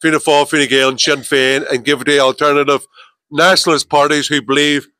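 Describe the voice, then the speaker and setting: A man's voice: a little high, little pitch movement, brisk, pushed and bright, no echo. A man with a northern Irish twang chairing a rally, introducing speakers and making a firm, declamatory speech.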